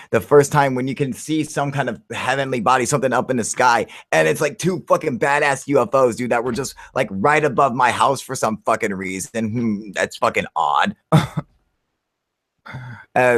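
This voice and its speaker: A man hosting a casual live chat, excitable and profane, calling everyone dude as he tells a story. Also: mid-range voice, moderate pace, no room sound, studio quality. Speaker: channel host on a livestream.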